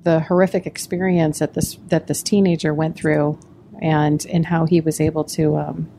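A woman's voice: low voice, little pitch movement, normal speed, dark tone, slight background noise. A woman on a podcast who speaks earnestly and reflectively, with hesitant fillers. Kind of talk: podcast discussion.

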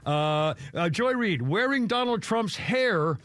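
Man, talk radio host, heated rant, halting restarts, high-pitched, forceful. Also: lively intonation, dry recording. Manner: angry, swearing, trailing off and restarting.

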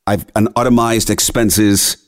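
A man's voice: lowish voice, fairly even intonation, unhurried. A young man hosting a podcast, telling an exasperated, ranting story in casual chat. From Philadelphia area. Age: young adult. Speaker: podcast host.

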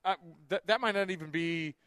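Jokey sports radio host, dry sound. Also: male voice, sits high, a little fast, clean tone, dry recording. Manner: jokey, excitable, laughs often. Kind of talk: casual sports talk.

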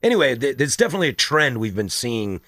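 A man's voice: mid-range voice, sing-song, fast talker, a bit bright, dry recording, clean studio sound. A man co-hosting a casual beer podcast, joking around, laughing often and slipping into playful silly voices. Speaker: podcast co-host.

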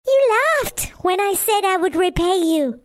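A woman voicing a timid little female mouse in a bedtime storybook, with a squeaky, thin voice. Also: animated, a little slow, no echo, studio quality. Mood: gentle, pointed.

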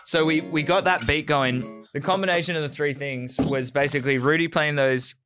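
A man's voice: on the high side, steady tone, normal speed, a bit bright, faint music behind. A man in a casual interview, telling band stories in a laid-back, self-mocking way. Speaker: band member, guest. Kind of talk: casual storytelling.

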